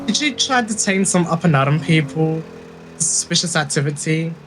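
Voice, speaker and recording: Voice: medium pitch, lively intonation, normal speed, music in the background. Easygoing roleplay supervisor voice. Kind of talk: in-character roleplay chat.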